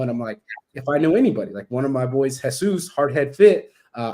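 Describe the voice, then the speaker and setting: A man's voice: medium pitch, a little mellow. A man hosting a podcast, telling stories in a blunt, profane, casual way. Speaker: podcast host.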